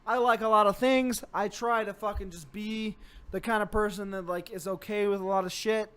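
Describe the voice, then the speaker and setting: Young man, very high pitch, angry swearing rant, comedy co-host. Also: steady tone, moderate pace, fairly bright tone, smooth. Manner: angry ranting, heavy swearing.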